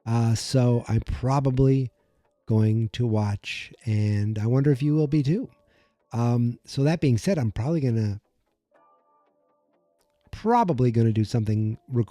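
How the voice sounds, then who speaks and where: A man's voice: mid-range voice, warm tone. Chatty man recapping on a podcast. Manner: chatty and rambling, with frequent self-corrections. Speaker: podcast host. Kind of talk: casual episode recap. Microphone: desk microphone.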